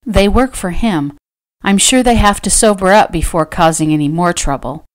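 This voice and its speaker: A spirited young heroine in a storybook romance, spoken plainly and lightly lower-pitched, as the woman narrator voices her. She talks with a frank, steady earnestness. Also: moderate pace, lightly acted. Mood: earnest.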